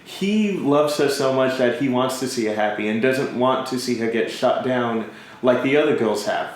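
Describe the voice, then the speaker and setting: A man's voice: medium pitch, moderate pace. Guy gushing about a show, laughs a lot, voices the characters, really echoey room. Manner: animated, laughs often, acts out characters' lines. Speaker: podcast co-host. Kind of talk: casual anime review chat.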